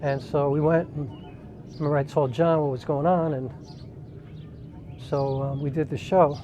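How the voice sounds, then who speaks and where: A man's voice: fairly high pitch, fairly even intonation, moderate pace, dark tone, slight background noise. A man from the New York area, a singer, telling a personal family story in a conversational way, with frequent "um" and "like". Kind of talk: casual personal storytelling to camera.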